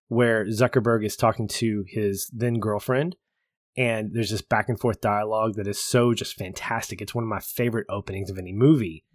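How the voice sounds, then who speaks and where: A man's voice: fairly low pitch, no room sound, studio quality. A man co-hosting a casual film podcast, explaining points with emphasis and enthusiasm. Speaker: podcast co-host.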